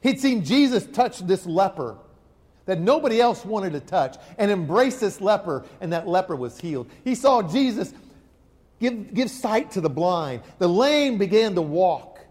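A man preaching a sermon, telling the story in an animated, emphatic way. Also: high-pitched, a little slow. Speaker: pastor. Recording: long hall reverb.

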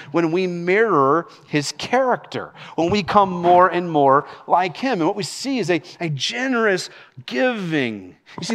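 A man's voice: high-pitched, big-room sound. A middle-aged man, a senior pastor preaching a sermon and laughing as he tells stories. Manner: animated storytelling preacher, laughs while telling stories.

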